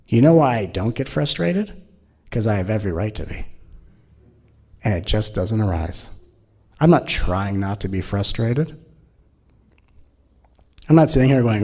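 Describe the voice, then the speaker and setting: A man's voice: mid-range voice, expressive, normal speed, vocal fry, pauses often, dark tone. A man giving a spiritual teaching talk in a playful, rhetorical way, with many questions to his listeners. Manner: playful and rhetorical, acting out mock inner voices.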